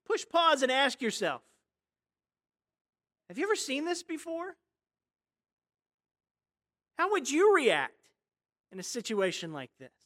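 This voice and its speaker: A pastor preaching a sermon in a conversational, storytelling way, full of rhetorical questions and sudden drops and rises in loudness. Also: high-pitched, wildly swooping pitch, slow pace, pauses often. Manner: big swings between hushed and loud.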